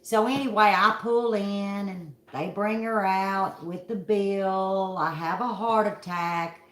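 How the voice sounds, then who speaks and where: A woman's voice: mid-range voice, fairly even intonation, slow, a bit bright, reverberant. A middle-aged woman from Kentucky with a Southern accent, telling a story to her viewers in a folksy, dramatic way. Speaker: vlog host.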